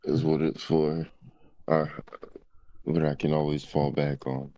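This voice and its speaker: A man's voice: rumbling low, level tone, a little slow, warm tone, low-quality recording. A man co-hosting a podcast, laid back in casual chat, reacting briefly and laughing along. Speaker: podcast co-host.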